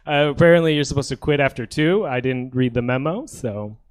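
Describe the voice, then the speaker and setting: A man's voice: medium pitch, fairly quick, clear, resonant tone. A man in his thirties from Ukraine doing a stand-up set on a comedy theater stage, joking with apologetic, self-deprecating asides. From Soviet Union, Ukraine.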